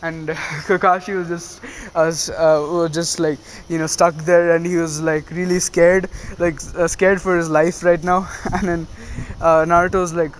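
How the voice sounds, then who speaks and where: A man's voice: a little high, little pitch movement, moderate pace, slight background noise. A young man casually retelling a fan story, rambling with lots of fillers and little laughs.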